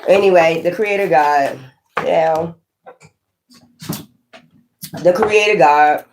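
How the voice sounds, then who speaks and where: A woman's voice: lowish voice, a little slow, slight background noise. A woman giving a casual tarot reading in a blunt, profane, scolding way, full of rambling sassy asides. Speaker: tarot reader.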